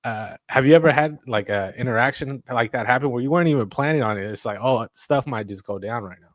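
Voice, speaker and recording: A man's voice: medium pitch, fast talker, dry recording, clean studio sound. A man co-hosting a podcast, casually telling a story with lots of fillers and acted-out quotes. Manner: rambling storyteller, acts out quotes, many fillers. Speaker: podcast co-host. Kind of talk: casual chat.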